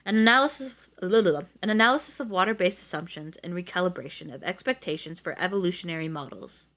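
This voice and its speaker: Woman doing brisk middle-aged official: cool, direct, low-set voice. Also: fairly bright tone, lightly acted. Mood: cool, businesslike.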